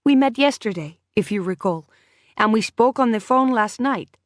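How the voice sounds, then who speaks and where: A woman's voice: on the high side, expressive, moderate pace, no echo, clean studio sound, voice pushed up, close to an everyday voice. A woman doing a friendly young crew girl. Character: friendly young blonde female crew member.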